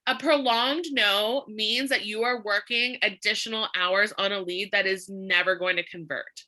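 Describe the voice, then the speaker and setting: A woman's voice: mid-range voice, steady tone, moderate pace, bright, forceful tone. A woman leading a live online social media training, upbeat and emphatic, laughing often as she talks.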